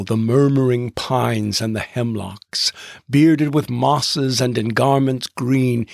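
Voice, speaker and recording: A man hosting a podcast in a reflective, literary way, slowing down to read verse aloud. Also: medium pitch, dry recording, studio quality. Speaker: podcast host. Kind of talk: scripted podcast narration.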